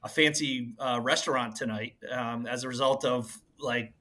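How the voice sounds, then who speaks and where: A man's voice: mid-range voice, steady tone, normal speed, sharp tone. A middle-aged man co-hosting a podcast, chatting casually and rambling about family. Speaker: podcast co-host. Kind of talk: casual chat.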